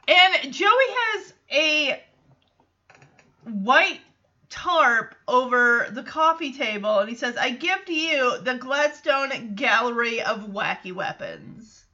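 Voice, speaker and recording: Lively, high-voiced woman podcast host. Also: takes it slowly, dull audio. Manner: animated storytelling, acts out quotes, laughs often. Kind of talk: casual episode recap.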